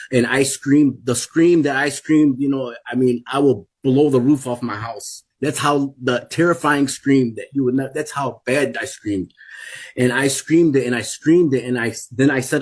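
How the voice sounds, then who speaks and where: A man's voice: mid-range voice, moderate pace, slightly rough. A man in his forties telling a personal testimony in an emphatic way that keeps repeating itself. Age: 40s. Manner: emphatic, repetitive storytelling. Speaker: guest giving a testimony.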